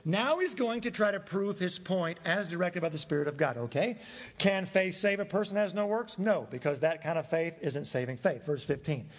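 A man's voice: sits high, moderate pace, in a large hall. A man preaching a sermon as pastor, emphatic, asking the congregation rhetorical questions. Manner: emphatic, rhetorical questions, acts out quoted voices. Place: church sanctuary.

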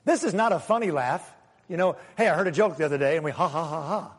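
A high-voiced man preaches a sermon in a lively, animated way, now and then acting out quoted voices. His voice carries a long reverb from a large hall. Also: quick pace, husky. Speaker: pastor.

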